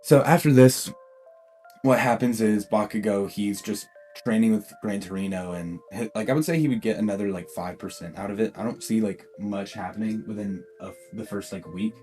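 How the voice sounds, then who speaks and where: Low-voiced young man rambling through a tale. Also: fairly quick, darkish tone, faint music behind. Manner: rambling, laughs often, self-correcting. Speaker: storyteller. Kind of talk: casual what-if narration.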